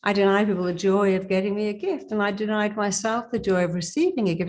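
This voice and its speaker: A woman's voice: mid-range voice, fairly even intonation, quick pace, few pauses, a little mellow. A middle-aged woman, a therapist, leading a guided self-help exercise in an emphatic, commanding way, with phrases repeated for listeners to say back.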